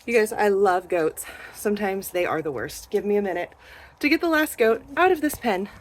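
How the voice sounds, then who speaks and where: Against a noisy background, this farm vlogger, likely in her thirties or forties, talks at normal speed with a medium-pitched, lively voice. She chats casually during chores, coos at the animals, films herself handheld in barns and outdoors, and sometimes runs short of breath.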